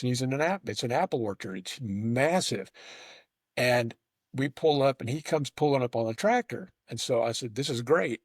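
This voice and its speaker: A man's voice: medium pitch, no echo, clean studio sound. A man hosting a casual conversation, telling a long rambling story with frequent restarts and stammers. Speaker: host.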